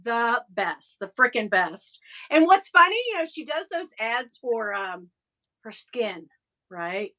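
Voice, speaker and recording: A woman with a Southern US accent hosting a casual live chat, animated and quick to laugh as she reads viewer comments. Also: a little high, low-quality recording. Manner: chatty and animated, laughing often, breaks into mocking voices. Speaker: live show host.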